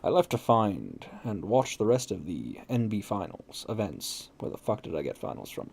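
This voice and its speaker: A low-voiced man with a gravelly, creaky edge and lively pitch reads a visual novel aloud. He breaks in with wry, sweary asides at his own slips, and faint game music plays behind him. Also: moderate pace. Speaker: let's play host. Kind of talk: casual visual novel read-through.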